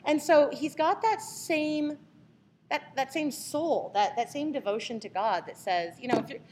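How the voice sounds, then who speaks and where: A woman's voice: sits high, a little slow, a little hiss or hum. Chatty woman leading a Bible study. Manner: animated, acts out the people in the story. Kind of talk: casual Bible study discussion.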